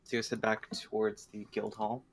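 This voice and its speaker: A man narrating a tabletop game as game master in a relaxed, hesitant way. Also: lowish voice, brisk, noisy background.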